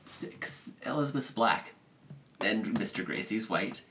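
Podcast co-host, male, deep-ish voice, sarcastic, acts out the characters' lines, slight background noise. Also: expressive, a little slow. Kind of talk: casual movie recap chat.

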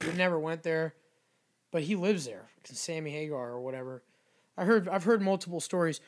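A man's voice: a little high, fairly quick. A man from Mexico co-hosting a podcast, telling stories animatedly, swearing often and acting out what people said. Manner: animated storyteller, swears constantly, acts out quotes. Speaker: podcast co-host. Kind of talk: casual chat.

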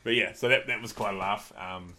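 A man's voice: on the low side, brisk, pushed and bright. A man with a New Zealand accent hosting a casual podcast chat, telling stories and acting out the people in them. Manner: storytelling, laughing, acting out quoted voices. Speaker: podcast host.

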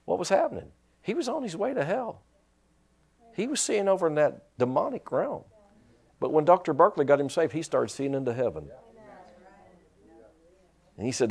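A male pastor preaching a sermon, telling stories and rising into shouted praise. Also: a little high, lively intonation, normal speed, creaky.

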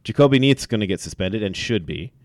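A man with a low voice, recorded dry and close, talks sports on a casual podcast. He tells events in an animated way, full of fillers and restarts. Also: fairly quick, no echo. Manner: animated storytelling, many fillers. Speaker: podcast co-host.

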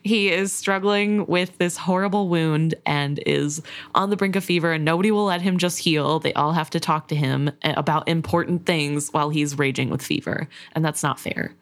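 A woman's voice: low-pitched, fairly even intonation, moderate pace. A woman discussing a book, thoughtful and sympathetic, often hedging her views.

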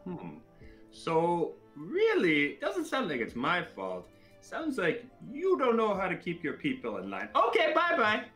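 A man at a tabletop game asks pointed, sarcastic questions. His pitch leaps around a great deal and his tone is bright. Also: wildly swooping pitch, unhurried, faint music behind. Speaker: player. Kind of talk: casual tabletop play.

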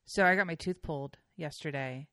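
A young woman with a notably low voice tells long, chatty stories as a podcast guest. She rambles, filling her sentences with "like" and the odd swear word. The sound is dry and close, with no room around it. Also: brisk, a bit bright, dry recording. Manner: chatty storyteller with frequent fillers and swearing. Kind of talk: casual chat.

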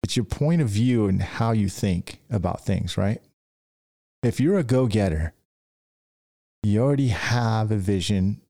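A man's voice: on the low side, lively intonation, unhurried, pauses often, mellow. A man hosting a podcast, giving rambling casual business advice and acting out stories. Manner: rambling, with restarts and acted-out stories. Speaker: podcast host, dent repair business owner.

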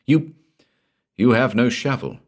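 A man's voice: medium pitch, expressive, slow pace, voice pushed up. A man reading the part of a grieving young man who speaks bitterly and defiantly.

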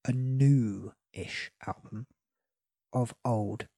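A woman hosting a casual podcast game, playful and quick to laugh. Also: a bass voice, vocal fry, mellow, slightly rough, dry recording, studio quality. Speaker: podcast host.

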